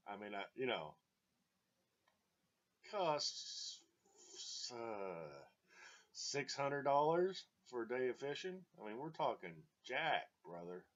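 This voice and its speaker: A man reminiscing in casual storytelling, rambling with many fillers and chuckles, in a dull lo-fi recording. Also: medium pitch.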